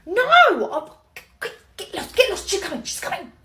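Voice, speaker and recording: A woman's voice: extremely high pitch, huge pitch swings, unhurried, full character voice. A woman playing a mischievous, giggly nursery worker, conspiratorial and laughing. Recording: roomy echo, faint noise.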